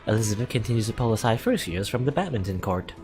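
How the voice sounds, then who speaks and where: A man reading a visual novel aloud for a let's play, in a casual way with wry asides and quick self-corrections. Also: fairly low pitch, expressive, a little mellow, faint music behind.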